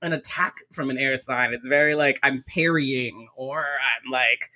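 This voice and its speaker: A man's voice: mid-range voice, measured pace, bright, forceful tone. A man co-hosting a podcast in casual chat, laughing often, swearing freely and packing his talk with fillers. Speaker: podcast co-host.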